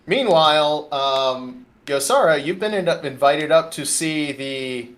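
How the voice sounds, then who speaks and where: Game master, a man narrating a tabletop game on a call, easygoing and rambling, voice a bit high. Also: lively intonation, slow, fairly bright tone. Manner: casual, rambling, full of fillers. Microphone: online voice call.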